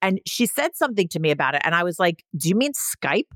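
A woman co-hosting a podcast in casual chat, chatty and laughing often, with animated asides. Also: fairly low pitch, fast, no echo, studio quality. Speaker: podcast co-host.

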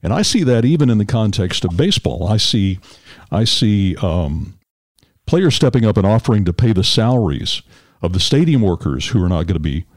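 Male host, fairly low voice with a lively, expressive delivery; halting, friendly questions. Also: dry recording, studio quality. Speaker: podcast host, interviewer. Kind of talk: interview chat.

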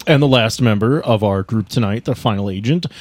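A man's voice: lowish voice, fairly quick, a little mellow, dry recording. A man running a tabletop game as game master, playful and encouraging with his players. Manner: playful and encouraging, laughs easily.

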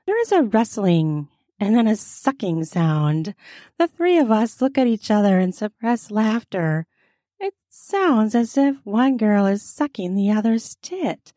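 A woman reading an erotic story aloud in an intimate, unhurried storytelling manner. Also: mid-range voice, sing-song, dark tone, dry recording, studio quality. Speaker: narrator.

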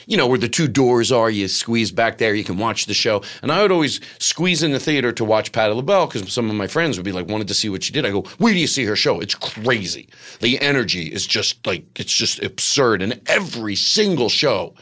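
A middle-aged male comedian, appearing as a guest, has a fairly low and fairly bright voice. He tells a rambling personal story casually, packed with quoted dialogue.

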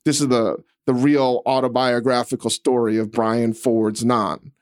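A man co-hosting a podcast in casual chat, ranting with animated, profane, comic exasperation. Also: mid-range voice, measured pace. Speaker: podcast co-host.

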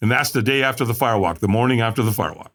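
Talking very fast in a fairly bright tone, a man shares his story as a podcast guest. It's animated storytelling, with quotes acted out through big, dramatic pitch jumps.

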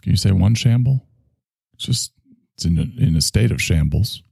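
Deep gravelly man rambling on. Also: animated, normal speed, dark tone, no echo. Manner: digressive, crude and joking, trails off. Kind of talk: rambling solo monologue.

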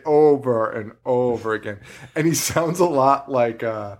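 A man's voice: medium pitch, a little slow. A man co-hosting a podcast, in a casual movie-review chat, laughing and swearing freely as he retells scenes. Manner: laughing, profane, storytelling. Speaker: podcast co-host.

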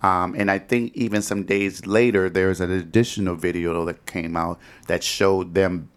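A man co-hosting a discussion podcast, speaking in an earnest, measured and reflective way. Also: deep voice, steady tone. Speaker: podcast co-host.

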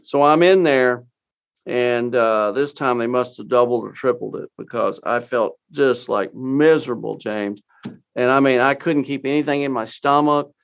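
A gravelly-voiced Texan man in his sixties tells a long personal story as an interview guest. He drops into the voices of the people he quotes, and his pitch sits at an ordinary middle. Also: moderate pace. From Texas. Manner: animated storyteller acting out quoted dialogue.

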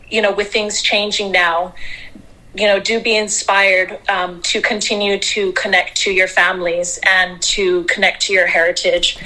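A woman speaking on a live audio panel in a gentle, hesitant way, with many pauses and ums. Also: medium pitch, poor audio. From Taiwan and Italy heritage. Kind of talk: reflective live audio-room talk.

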